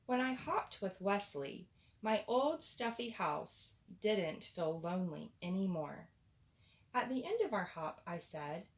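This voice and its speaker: A woman reading a children's picture book aloud in a playful, expressive storytelling voice. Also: mid-range voice, takes it slowly.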